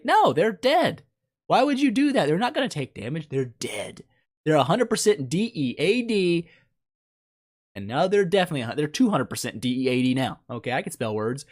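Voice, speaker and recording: A man's voice: a little high, very animated, brisk. A man giving casual gameplay commentary as a mobile game YouTuber, joking and teasing the characters in a playful, mock-insulting way.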